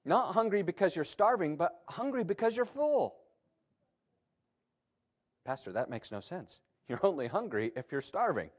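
A man preaching a sermon as pastor, animated and emphatic, with sudden rises and drops in his delivery. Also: mid-range voice.

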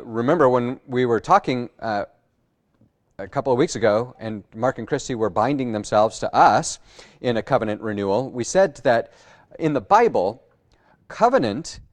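A male pastor gives a sermon in a medium-pitched voice. He talks plainly to his congregation, stopping on "uh" and going back over his own phrases as he explains scripture. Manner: conversational, with frequent "uh" fillers and restarts.

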